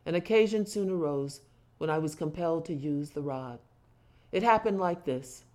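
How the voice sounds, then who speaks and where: A speaker reads lengthy book excerpts aloud with short remarks in between. The pitch sits in the middle, and the reading leans into quoted speech with louder, more emphatic delivery. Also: lively intonation, normal speed. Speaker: reader discussing a book. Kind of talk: reading passages aloud with commentary.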